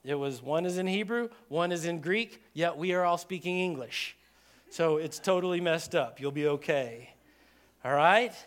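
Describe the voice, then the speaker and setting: A man preaching a sermon in a conversational, animated way, acting out quoted voices. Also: high voice, clear, resonant tone. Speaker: pastor.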